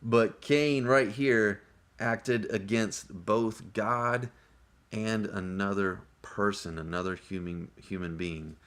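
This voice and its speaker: A man walks through a scripture passage in a relaxed, unhurried teaching style. His voice sits a little low, and he keeps the talk conversational and earnest, breaking in with short exclamations. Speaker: Bible teacher. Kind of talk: casual Bible study teaching.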